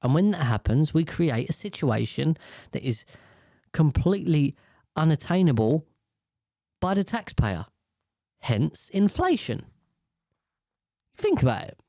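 A man's voice: a little high, sing-song, measured pace, pauses often, mellow, no room sound, clean studio sound. A British man from the UK in a casual, rambling monologue, swearing freely and airing strong opinions. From United Kingdom.

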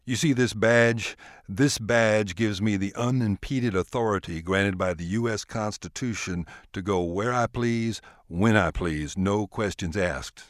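A man's voice: sits low, normal speed, a bit bright, no echo, clean studio sound. A man voicing a self-important young federal agent who talks in a stern, clipped, bossy way. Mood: angry.

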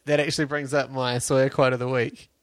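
A man's voice: mid-range voice, flat delivery, quick pace, dry recording. A man co-hosting a podcast in casual chat, skeptical and prone to prodding questions. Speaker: podcast co-host.

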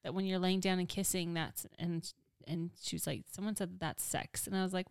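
A woman's voice: fairly low pitch, steady tone, a little fast, creaky, a little mellow, smooth, no echo, studio quality. Frank woman chatting on a podcast. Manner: frank, conversational storyteller. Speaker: podcast co-host. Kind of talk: casual chat.

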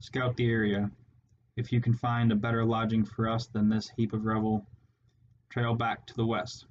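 A man's voice: on the low side, monotone, moderate pace, muffled recording, a little hiss or hum, close to an everyday voice. A man voicing a harsh, scarred male rat warlord who snarls his orders with contempt, in a storybook reading. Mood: snarling, commanding.

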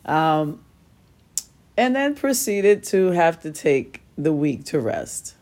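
A woman's voice: sits low, very animated, slow, darkish tone. Chatty woman podcaster telling stories. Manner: chatty and self-deprecating, laughs at herself, acts out quoted voices. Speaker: podcast host. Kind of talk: casual solo podcast storytelling.

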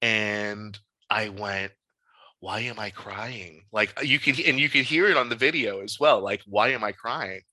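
Bright-voiced man telling a story. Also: on the low side, moderate pace, no echo, low-quality recording. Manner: candid, animated storyteller with frequent fillers. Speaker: podcast guest. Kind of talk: casual interview storytelling.

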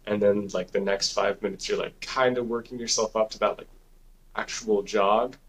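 A man's voice: lowish voice, steady tone, normal speed, a bit bright. A man co-hosting a podcast, telling a story in a rambling, casual way, swearing freely and saying "like" and "dude" a lot. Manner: rambling, profane, heavy use of "like" and "dude". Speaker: podcast co-host.

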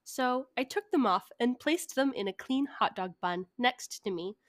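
A woman's voice: fairly high pitch, lively intonation, a little slow, no echo, clean studio sound. A young woman co-hosting a casual podcast, reading a story aloud with joking asides and frequent laughter. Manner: giggly, reads stories with asides. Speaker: podcast co-host.

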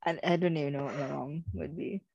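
Low gravelly young woman chatting. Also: mellow, no echo, muffled recording. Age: young adult. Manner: chatty, rambling, frequent "like" fillers. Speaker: podcast co-host. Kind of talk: casual chat.

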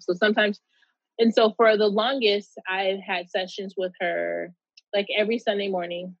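A woman's voice: fairly low pitch, husky, no room sound, lo-fi sound. A woman guest telling a casual, candid story in an interview, swearing freely and retelling it with animation.

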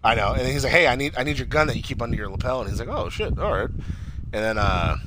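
A man in casual chat, excitedly recapping a TV episode, swearing a lot and acting out the characters' lines. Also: mid-range voice, fast talker, noisy background.

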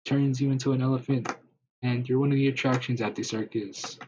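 A man's voice: medium pitch, steady tone, a little fast. A man improvising a rambling story in the second person, with many fillers, on a dull lo-fi recording with faint hiss.

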